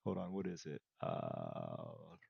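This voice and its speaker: In a rumbling low, sing-song voice with vocal fry and a slightly rough edge, the livestreamer takes his time chatting with viewers, rambling and laughing often. The recording has no room sound and is muffled.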